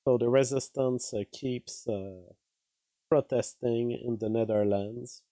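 A man's voice: medium pitch, fairly even intonation, slow, mellow, no room sound. A man hosting a casual news commentary show, wry and given to laughing at his own remarks. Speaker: host.

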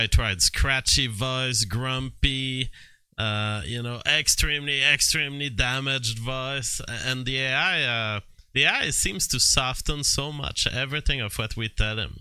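A man talks to his live-stream viewers about AI-made songs, often laughing and playfully mimicking sounds. His voice is smooth and resonant, with a dry, close sound free of room echo. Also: medium pitch, pushed and bright. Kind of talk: live-stream commentary, reading chat aloud.

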